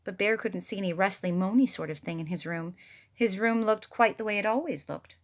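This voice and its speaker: A woman reading a picture book aloud, expressive and playful with her own asides. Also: medium pitch, brisk. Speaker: storyteller.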